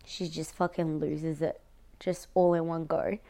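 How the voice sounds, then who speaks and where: A woman's voice: deep voice, little pitch movement, measured pace, gravelly, mellow. Frustrated Australian woman venting to camera. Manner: venting, frequent swearing and "like" fillers. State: near tears, voice breaking. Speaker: vlogger. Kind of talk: emotional personal vlog.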